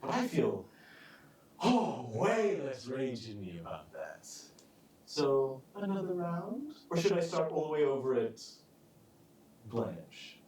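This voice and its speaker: A man doing a menacing armored brute at a live tabletop show, his taunts swinging wildly up and down in pitch. The sound is distant and echoey, with an audience murmuring in the hall. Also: big pitch swings, a crowd in the background. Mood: mocking. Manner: sarcastic, drawn-out threats, sudden loud jumps. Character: brutal male thug in plate armor, mocking and menacing.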